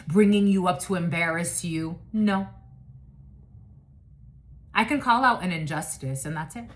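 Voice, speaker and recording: A woman's voice: medium pitch, fairly bright tone. A woman giving a casual spiritual reading, blunt and profane, who rambles, restarts and laughs often. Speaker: psychic reader.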